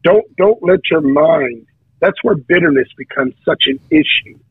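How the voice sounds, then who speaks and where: A man's voice: fairly high pitch, big pitch swings, normal speed, husky, dry recording. A man, a preacher, telling his testimony in casual talk, with frequent restarts and repeated words. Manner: storytelling, many restarts and stammered repeats. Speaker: preacher guest. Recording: tinny phone line.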